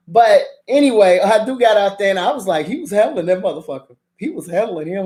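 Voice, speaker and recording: A woman's voice: medium pitch, a little fast. A woman ranting casually about a TV drama, swearing and laughing often as she recaps scenes. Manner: profane, animated, laughs often. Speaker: drama review vlogger.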